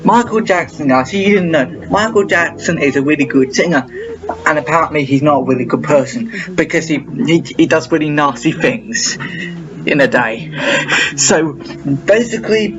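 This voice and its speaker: A man hosting a casual reaction video. He rambles, repeats himself and restarts halting sentences, and his voice sounds a little off today. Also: fairly high pitch. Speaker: reaction channel host. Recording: dull lo-fi with faint noise.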